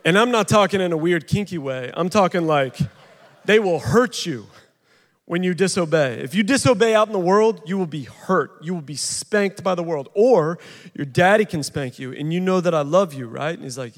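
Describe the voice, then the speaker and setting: A man's voice: a little high, animated, moderate pace. Man telling stories in an echoing hall. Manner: casual, chatty storyteller with many fillers. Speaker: speaker sharing his testimony at a recovery ministry. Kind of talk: humorous testimony talk. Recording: long reverb of a large hall.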